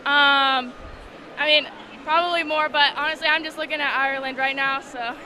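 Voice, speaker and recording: Modest, high-voiced woman athlete. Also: steady tone, normal speed, pushed and bright, slight background noise. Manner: modest, slightly hesitant. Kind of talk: post-event interview.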